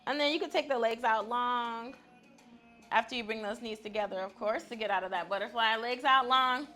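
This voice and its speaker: A woman's voice: fairly high pitch, normal speed, pushed and bright, faint music behind. A woman guiding a stretching class in an upbeat, chatty way, often laughing as she talks. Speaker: fitness instructor.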